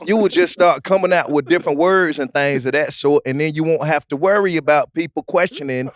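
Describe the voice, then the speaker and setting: A man doing an impression of a smooth-talking, pompous man who piles up long fancy words. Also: on the high side, fairly quick, no room sound, clean studio sound, lightly acted. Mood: grandiloquent.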